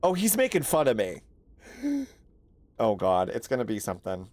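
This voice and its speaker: A man's voice: medium pitch, huge pitch swings, normal speed, darkish tone. A young man giving jumpy, profane let's-play commentary on a horror game, laughing and complaining at the game. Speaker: gaming streamer.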